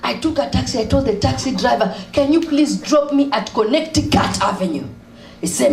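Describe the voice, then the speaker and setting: A woman telling comic stories on stage, acting out the people in them and laughing and shouting as she goes. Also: sits high, lively intonation, a little fast, slight background noise. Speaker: stand-up comedian and spoken-word poet. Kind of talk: stand-up storytelling with poetry. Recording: echoey room.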